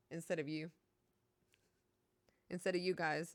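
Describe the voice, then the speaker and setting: A woman's voice: sits low, flat delivery, moderate pace, no echo. A middle-aged woman with a Kentucky Southern accent, chatting casually and giggling with her live-stream viewers.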